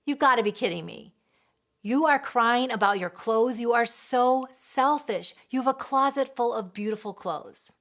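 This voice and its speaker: A woman acting out a fed-up mother who scolds her child. Her voice is raised and emphatic, and she leans hard on each word and sometimes slows right down to make her point. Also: on the high side, a bit bright, voice pushed up. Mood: exasperated.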